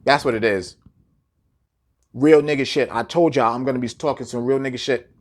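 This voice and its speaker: A man's voice: medium pitch, steady tone, normal speed. A man delivering a blunt, profane monologue full of rhetorical questions and repetition, lecturing his audience. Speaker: commentator. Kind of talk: preachy monologue to camera.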